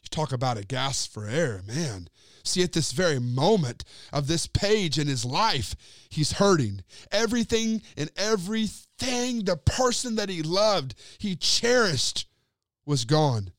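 A man preaching a sermon and retelling a scripture story, talking straight to his listeners and letting his sentences sink to low, quiet endings. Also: big pitch swings, a little slow, dry recording, studio quality. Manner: addresses listeners directly as friends.

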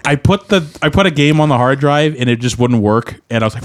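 A man's voice: mid-range voice, lively intonation, quick pace, hardly any pauses, no echo. Rambling young man, dry sound. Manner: rambling, many restarts and fillers. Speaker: podcast co-host, musician. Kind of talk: candid casual chat.

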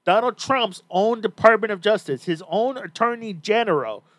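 A man hosting a casual podcast chat, talking bluntly and swearing freely. His voice sits a bit high for a man. The sound is dry and close, with no room around it. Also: lively intonation, normal speed, a bit bright, no room sound. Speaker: podcast host.

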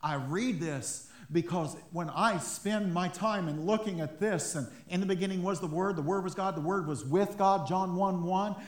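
A man with a high voice preaches a sermon in a conversational way, often chuckling between points. The sound of the church room rings around him. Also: normal speed, few pauses, reverberant. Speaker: pastor.

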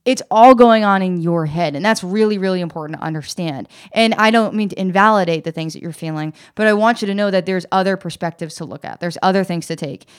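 A woman's voice: fairly low pitch, clear, resonant tone. A woman co-hosting a casual self-help podcast, talking earnestly and encouragingly to listeners. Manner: earnest, encouraging, retells scenes in quick voices. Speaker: podcast co-host.

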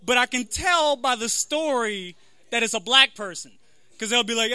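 A young adult man doing a stand-up comedy set, halting and self-deprecating with lots of fillers. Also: very high voice, lively intonation, pushed and bright, clean tone, no room sound. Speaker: stand-up comic.

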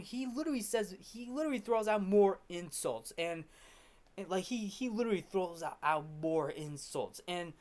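A man hosting a film review, recapping scenes casually with many restarts and repeated words. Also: high voice.

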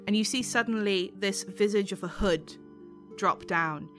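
A woman game master narrates a tabletop scene in a soothing, descriptive way. Her voice sits at an ordinary mid pitch and she takes her time. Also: a little slow, faint music behind.

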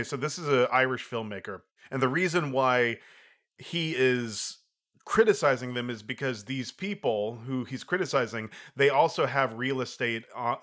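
A man co-hosting a film review podcast in casual chat, thoughtful and halting, often restarting his sentences. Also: mid-range voice, a bit bright. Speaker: podcast co-host.

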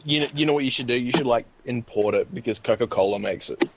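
A man's voice: medium pitch, fast talker, noisy background. A man with an Australian accent co-hosting a podcast in casual chat, crude and wisecracking, swearing freely. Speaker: podcast co-host.

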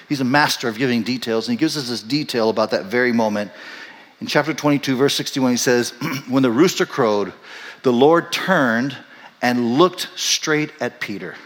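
Long hall reverb surrounds a male pastor as he preaches. He tells the sermon's story with animation, performing the quoted voices, then turns soft and low when he reflects.

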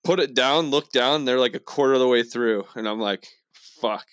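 A man's voice: mid-range voice, a little fast, fairly bright tone, dry recording. A young Canadian man co-hosting a casual podcast, laid-back and bragging playfully, with plenty of swearing. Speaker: podcast co-host. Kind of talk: casual chat.

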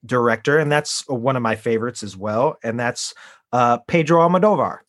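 Man, podcast co-host, musing and meandering, lots of ums, mid-pitched. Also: moderate pace, fairly bright tone. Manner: rambling, many fillers and restarts. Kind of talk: casual chat.

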